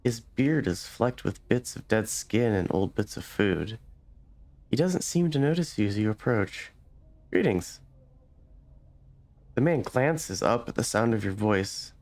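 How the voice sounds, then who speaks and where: A man hosting a let's play, reading game text aloud unhurriedly, with hesitant fillers between passages. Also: lowish voice.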